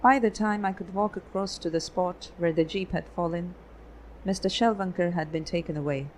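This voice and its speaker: A woman voicing a calm, guarded photographer raised in Germany, telling his past in a measured way. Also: lowish voice, a little hiss or hum, close to an everyday voice, low-quality recording. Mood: earnest. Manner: measured, explanatory storytelling.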